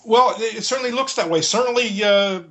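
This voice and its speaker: A man's voice: sits high, brisk, sharp tone. A man as an interview guest, explaining in a conversational way, earnest and restating his points as he searches for words.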